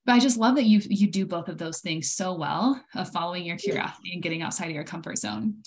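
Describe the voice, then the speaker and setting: A woman's voice: on the low side, quick pace, gravelly. Upbeat woman coaching host. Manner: encouraging, upbeat, frequent "like" and "right". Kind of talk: interview.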